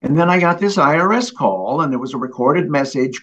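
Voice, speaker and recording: A man's voice: fairly high pitch, animated, a little fast, hardly any pauses, a bit bright, slightly rough. Older man, interview guest, storyteller, chuckling, muffled studio audio. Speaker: guest, consumer protection official.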